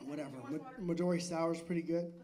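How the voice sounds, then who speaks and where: A man's voice: a little high, little pitch movement, brisk. A man doing stand-up comedy crowd work on a live stage, joking loosely, swearing and laughing often. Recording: noisy live club recording.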